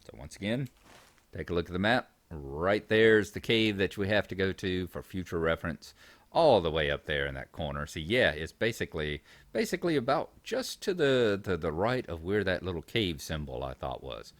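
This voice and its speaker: A man's voice: low voice, big pitch swings, normal speed, dry recording. A man hosting a game video, reading quest text aloud and chatting casually about the game. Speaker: gaming channel host. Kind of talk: casual gameplay commentary.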